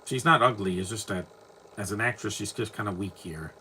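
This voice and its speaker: A man's voice: on the low side, fairly quick, sharp tone, a little hiss or hum. A man giving casual live movie commentary at home, rambling with frequent restarts and self-corrections. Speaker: film commentator.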